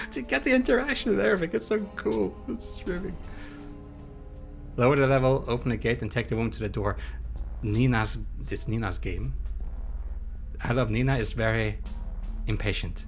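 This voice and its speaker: A young man giving live commentary on a horror game, excitable and quick to swear and yelp at scares while reading his chat aloud. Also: mid-range voice. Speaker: streamer playing a horror game.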